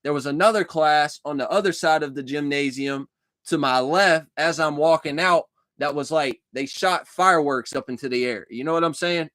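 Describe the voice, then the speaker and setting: A young man rambles through a personal story in loose, casual speech, swearing freely and circling back over his own words. His voice sits a little high for a man. The sound is dry and close, with no room around it. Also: moderate pace, a bit bright, no room sound. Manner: loose, profane, repeats himself, restarts sentences. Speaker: vlogger recounting a dream.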